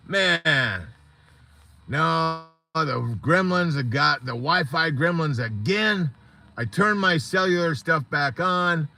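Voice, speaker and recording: A man's voice: fairly high pitch, takes it slowly, sharp tone. A man hosting a support group on a live stream, talking in an earnest, rambling, motivational way.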